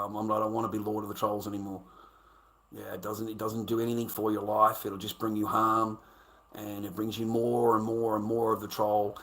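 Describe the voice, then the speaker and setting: Here the same kind of casual livestream rant comes from a middle-aged Australian man with a fairly low but fairly bright voice. He swears constantly, rambles, and repeats himself, and the audio is rough.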